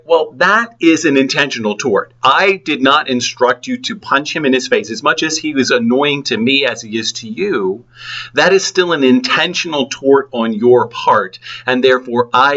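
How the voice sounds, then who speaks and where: Guy teaching a law class, bright tense voice, acts out his examples, kinda dull lo-fi audio. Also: medium pitch, a little slow. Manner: lively, acts out examples with sound effects. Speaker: law lecturer. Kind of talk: classroom lecture.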